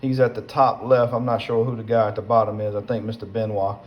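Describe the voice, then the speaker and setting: A man's voice: on the low side, flat delivery, fast, muffled recording. A man chatting casually while he cooks at the stove, rambling and folksy, calling his viewers y'all and son. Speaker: home cook. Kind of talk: casual cooking vlog chat. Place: kitchen, cooking at the stove.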